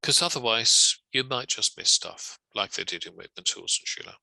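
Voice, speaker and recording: A male legal trainer with a low, gravelly voice that still cuts through sharp and bright. He explains in a measured, wry, conversational manner, recorded close and dry. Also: animated, no room sound, poor audio. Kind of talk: recorded lecture.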